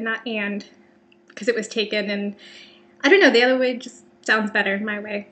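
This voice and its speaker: A woman's voice: a little high, fairly even intonation, moderate pace, bright, forceful tone. A woman in her twenties from California with an American accent, chatting casually in a vlog, rambling and self-deprecating with lots of fillers. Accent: General American. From California, Bay Area. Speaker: vlogger.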